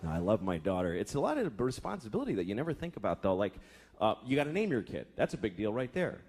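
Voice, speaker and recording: A man's voice: very animated, quick pace, a little mellow. A man in his thirties doing a profane stand-up comedy set, slipping into acted voices. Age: 30s. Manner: profane, shifts into acted voices, deep groaning mimicry. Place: comedy club stage. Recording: live club with crowd laughter and noise.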